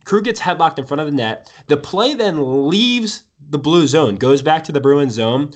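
A young man hosting a casual sports talk show, telling stories excitedly and often calling people dude. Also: fairly high pitch, normal speed. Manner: excited storytelling, says dude a lot. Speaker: sports podcast host.

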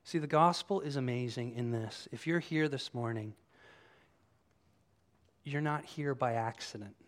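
A man preaching a sermon to his congregation, animated and conversational, acting out quoted voices as he tells the story. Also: mid-range voice, unhurried. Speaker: pastor. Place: church room with congregation.

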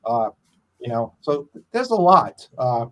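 A man's voice: medium pitch, big pitch swings, takes it slowly. Rambling middle-aged man, casual musician. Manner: rambling, self-deprecating, trails off. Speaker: independent musician. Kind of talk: casual podcast chat.

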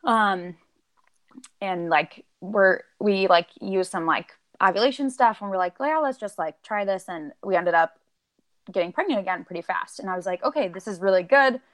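A woman's voice: mid-range voice, moderate pace. A woman guest on a podcast, talking casually and at length with many "like"s and "um"s, acting out her own remembered lines. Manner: rambling, lots of "like" and "um", acts out her own quotes. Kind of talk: casual chat.

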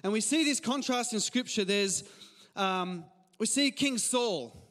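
A male pastor in his thirties with an Australian accent, giving a casual, animated sermon full of stories and laughs. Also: sits high, unhurried, in a large hall. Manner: conversational, animated storytelling with laughs. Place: church hall.

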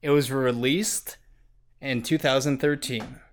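Slow, dry-humored young man. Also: medium pitch, fairly even intonation. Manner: dry, wry and unhurried, with mild swearing. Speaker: podcast co-host. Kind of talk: casual chat.

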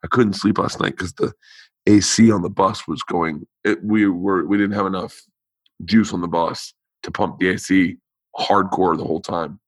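A man with a fairly low voice hosts his podcast in loose, casual chat. His voice sounds worn out and has no push behind it. He rambles, stumbles and restarts his sentences, all in a dry, close sound. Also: fairly even intonation, moderate pace, husky, no echo. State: tired voice with no power behind it. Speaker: podcast host.

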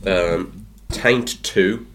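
A man's voice: deep voice, a crowd in the background. A man with a joking, laugh-prone manner, hosting a casual podcast chat and running quiz games. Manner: laughs often, joking and quick.

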